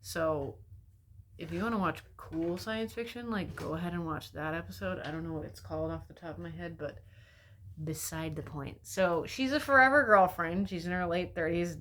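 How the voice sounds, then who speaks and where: A woman's voice: fairly low pitch, normal speed, a bit bright, a little hiss or hum. Profane, rambling woman vlogger. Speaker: vlogger recapping a movie. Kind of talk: casual movie recap.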